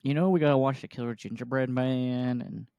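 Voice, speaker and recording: A man co-hosting a film podcast, teasing his partner in quick casual banter. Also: medium pitch, gravelly, dark tone, smooth, dry recording, dull audio. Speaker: podcast co-host. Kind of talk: casual chat.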